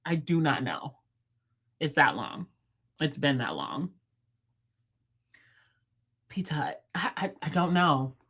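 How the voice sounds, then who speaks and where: A young woman chats on her livestream in a bright, lively voice. She talks fast and playfully, and she laughs often as she talks to her viewers. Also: low-pitched, slightly rough. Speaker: livestream host. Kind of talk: casual livestream chat with viewers.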